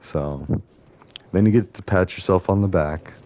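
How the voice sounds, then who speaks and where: A man's voice: low voice, measured pace, mellow, muffled recording, a little hiss or hum. A man hosting a gameplay video, thinking aloud in loose, meandering casual talk full of fillers and restarts. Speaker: host playing a video game. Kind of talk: casual rambling commentary over gameplay.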